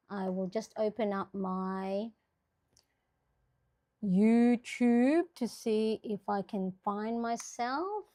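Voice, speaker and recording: A woman hosting a casual planner livestream, chatting to viewers and explaining step by step as she works at her desk. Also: mid-range voice. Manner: chatty, rambling, laughs often, talks to viewers; explains step by step while working.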